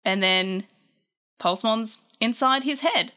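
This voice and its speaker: A woman hosting a casual manga chapter recap, chatty and animated, often correcting herself mid-sentence. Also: a little high, takes it slowly, smooth.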